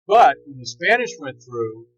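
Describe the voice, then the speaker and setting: A man telling local history in a relaxed, plain-spoken way, outdoors. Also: a little high, measured pace, rough recording. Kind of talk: casual storytelling.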